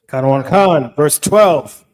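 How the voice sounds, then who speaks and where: A man reading scripture aloud in a measured, deliberate way. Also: fairly high pitch. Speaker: scripture reader. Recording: long reverb in a hall.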